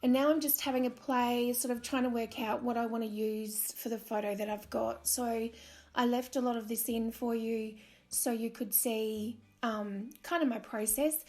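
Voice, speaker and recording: A woman's voice: fairly high pitch, steady tone, moderate pace, a little mellow. A woman with an Australian accent, chatty and self-deprecating, who laughs often while narrating her crafting video. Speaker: crafting channel host.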